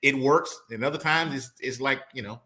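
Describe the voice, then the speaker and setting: Bright-voiced man acting out courtroom lines. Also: medium pitch, normal speed. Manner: animated, acts out courtroom quotes, slangy asides. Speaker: criminal and appellate attorney, guest. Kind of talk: casual legal analysis chat.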